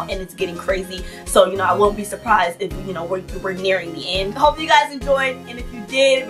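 A young woman hosting a gaming channel, giving excited let's-play commentary, shouting, laughing and talking in slang. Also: mid-range voice, distant mic. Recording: voice a bit off-mic over game music.

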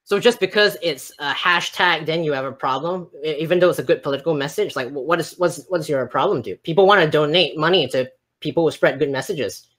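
A man's voice: on the high side, fairly quick, hardly any pauses, a bit bright. Male stream guest, argumentative, stuttering restarts, keeps pushing the same question. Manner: argumentative, repetitive, stammering. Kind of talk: heated live-stream debate.

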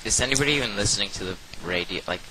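A teenage boy from England chats on a podcast in a loose, hesitant way, full of "like". His voice is very low. Faint hiss runs under the recording. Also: animated, very fast, pushed and bright, low-quality recording. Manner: laid-back, hesitant, full of "like". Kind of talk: casual chat.

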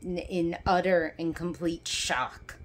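A young woman vents into her phone camera in a heated, sarcastic rant. She swears freely and breaks into bitter laughs. Her words come at an unhurried pace. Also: lowish voice, steady tone, slight background noise. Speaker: vlogger. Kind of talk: angry personal rant to camera.

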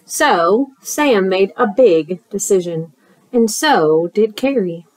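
A woman teacher reads a picture book aloud to children at an unhurried pace. Her pitch swings widely as she tosses in playful squeals and sound effects, and the recording is dry and close, with no room echo. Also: animated, darkish tone.

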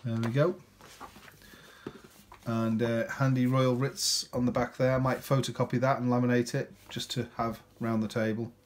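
A man's voice: medium pitch, flat delivery, moderate pace, a little hiss or hum. A man casually talking through a board game unboxing, chatty and rambling, often ending with tag questions.

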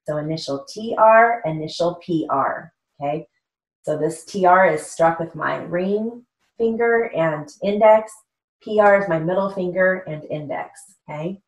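A woman's voice: on the low side, unhurried. A woman teaching a steno theory lesson, patiently spelling out strokes letter by letter. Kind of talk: recorded lesson.

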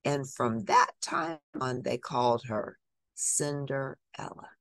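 A woman reading a picture book aloud, expressive and animated. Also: rumbling low, slow pace, gravelly, no echo. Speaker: storybook reader.

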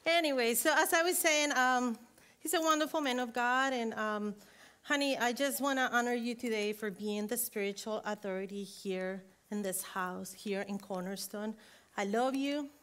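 A middle-aged woman, preaching a sermon in a church, warm and emotional, building to fervent exhortation. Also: fairly high pitch, steady tone, normal speed, clear, resonant tone. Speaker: guest preacher. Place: church sanctuary. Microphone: earring interfering with mic, handheld or headset.

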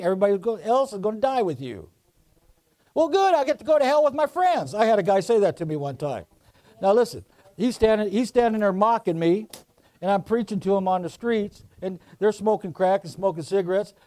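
A pastor with a high voice preaches a sermon. He draws out his phrases slowly, then drops low and quiet to tell a story before he climbs back up to a shout. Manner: preaching with swings from soft to shouting.

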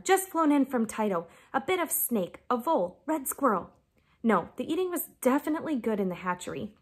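A woman reading chapters of a children's novel aloud, raising her pitch for the characters' quoted lines. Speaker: reader.

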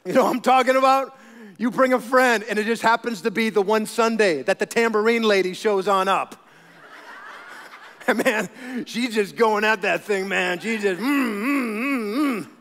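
High-pitched guy preaching a sermon, funny animated storytelling, big reverb in the sanctuary. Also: normal speed. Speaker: pastor.

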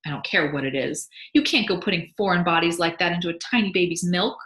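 A woman's voice: on the low side, quick pace, a bit bright, close to an everyday voice. A woman voicing a worried, indignant young mother who presses her husband with questions, in a read-aloud story. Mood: alarmed, scolding. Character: anxious, scolding young mother and wife. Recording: echoey room.

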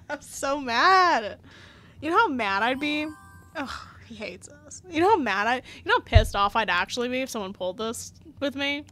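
A young woman chatting casually while playing a story game, animated, laughing often and swearing when annoyed. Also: a little high, brisk. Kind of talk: casual gameplay commentary.

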